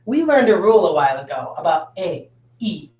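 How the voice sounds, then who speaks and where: A woman teacher leads a phonics lesson at a whiteboard, asking students questions in an encouraging, patient way. Her voice sits a little low. The recording carries the echo of a roomy classroom. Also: big pitch swings, brisk, mellow, highs cut off.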